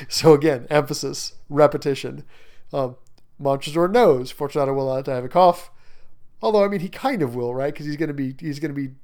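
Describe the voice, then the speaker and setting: Male teacher walking a class through a story, lively and emphatic, chatty asides. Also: medium pitch. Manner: animated, emphatic, with frequent fillers and asides. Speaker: literature teacher. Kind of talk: lecture on a short story, reading passages aloud.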